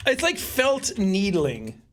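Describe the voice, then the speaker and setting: A man co-hosting a podcast in casual comedic chat, animated and giggly, full of crude jokes. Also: high voice, slow pace. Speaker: podcast co-host.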